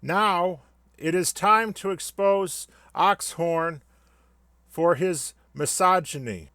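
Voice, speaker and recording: A man's voice: high-pitched, takes it slowly, sharp tone, a little hiss or hum. A man delivering a scripted comedic rant in a sarcastic, mock-solemn way. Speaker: satirical commentator.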